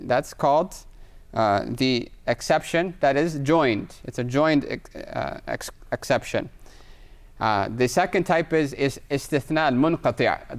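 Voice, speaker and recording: Smooth-voiced man teaching Arabic grammar. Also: fairly high pitch. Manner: explanatory, checks in with frequent "right?"; reads Arabic phrases aloud. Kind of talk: live online class lecture with Q&A.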